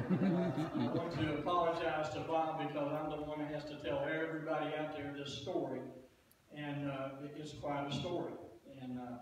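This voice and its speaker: A man's voice: on the high side, very noisy. A man speaking at a funeral from the pulpit, telling joking, folksy stories with laughing asides. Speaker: eulogy speaker. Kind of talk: storytelling eulogy. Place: church pulpit. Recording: echoey room from a distant mic.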